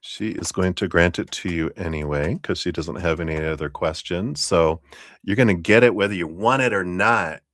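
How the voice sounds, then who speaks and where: A man's voice: low-pitched, normal speed, fairly bright tone, dry recording, clean studio sound. A man hosting a live-stream tarot reading, chatty and laughing often as he talks to viewers by name. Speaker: tarot reader.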